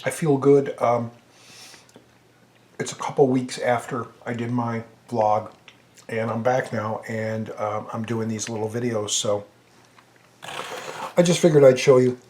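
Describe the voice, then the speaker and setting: A man's voice: mid-range voice, steady tone, measured pace, pauses often, darkish tone, slight background noise. A man chatting casually in a home vlog, rambling and correcting himself, sometimes talking while eating. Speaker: movie review vlogger.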